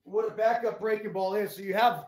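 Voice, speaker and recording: A man with a high-pitched voice chats about baseball in a loose, unfiltered way. He walks through plays step by step and drops casual profanity. His delivery stays conversational throughout. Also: fairly quick, reverberant. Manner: loose, profane, explains with gestures. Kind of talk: casual sports chat.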